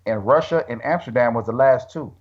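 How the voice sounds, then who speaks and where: A middle-aged man, a retired bodybuilder, telling stories in an animated, slangy way and acting out quotes over a video call. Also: medium pitch, fairly quick. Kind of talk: casual storytelling chat. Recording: dull lo-fi call audio.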